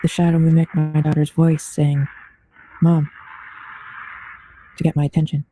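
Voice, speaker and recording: A man narrating true ghost stories in a steady, level reading voice. His tone is very dark and mellow, and it stays flat with little rise or fall. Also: fairly high pitch, quick pace, slight background noise. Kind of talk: scripted true-story narration.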